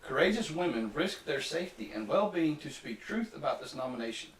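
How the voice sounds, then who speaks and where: A man's voice: fairly high pitch, sing-song, a little fast, hardly any pauses, recorded from a distance. Sarcastic male podcast host in echoey room. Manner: sarcastic, mocking. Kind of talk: casual political chat, reading quotes aloud.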